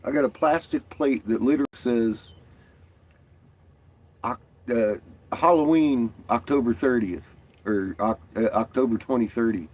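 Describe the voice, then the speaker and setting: A man's voice: mid-range voice, a little slow, pauses often, darkish tone. A man chatting casually in a vlog, laughing often and swearing freely. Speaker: vlogger. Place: out and about, doing laundry.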